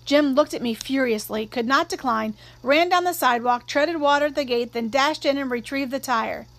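A woman narrating a first-person novel aloud in a measured, expressive storytelling manner. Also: high voice. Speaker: audiobook narrator.

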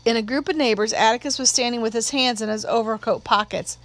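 A woman narrating an audiobook in a measured, steady storytelling voice. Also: a little high.

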